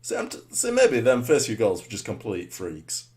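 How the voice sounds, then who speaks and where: Guy, deep voice, mumbling commentary over his football game then yelling all of a sudden, really up and down. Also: normal speed. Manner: muttered rhetorical asides with sudden excited shouts. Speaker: gamer commentating his own match. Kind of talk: live gameplay commentary.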